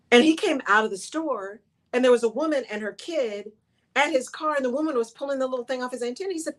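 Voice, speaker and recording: A woman with a mid-range voice hosts a talk radio show. Her emphatic monologue repeats key phrases and keeps checking in with "right?".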